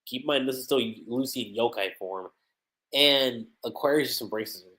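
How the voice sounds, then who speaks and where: A man giving casual livestream commentary on an anime episode, excitable, acting out the characters' lines. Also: mid-range voice, moderate pace. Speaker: anime reviewer.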